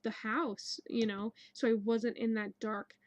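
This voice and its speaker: A young woman tells a personal story in a casual, rambling way, full of fillers and restarts. Her voice sits a little high. The sound is dry and close, with no room around her. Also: level tone, measured pace, no echo, low-quality recording. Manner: rambling, many ums and likes. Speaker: dream narrator.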